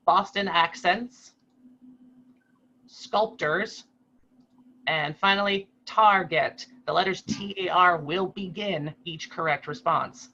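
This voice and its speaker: A man hosting a trivia quiz over a video call, reading clues in a brisk, matter-of-fact way. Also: sits high, pushed and bright. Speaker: quiz host. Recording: slightly muffled video call audio.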